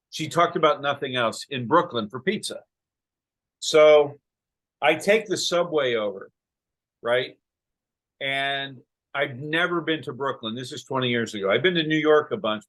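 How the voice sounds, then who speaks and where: A man hosting a podcast, telling stories in a casual interview chat and acting out the people he quotes. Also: mid-range voice. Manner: animated storyteller who acts out quotes. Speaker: podcast host.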